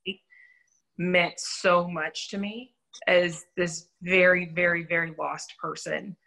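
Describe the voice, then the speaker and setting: A woman's voice: on the low side, flat delivery, slow pace, vocal fry, sharp tone, low-quality recording. A young adult woman sharing her faith testimony in an interview, telling her story candidly and earnestly with self-deprecating humor.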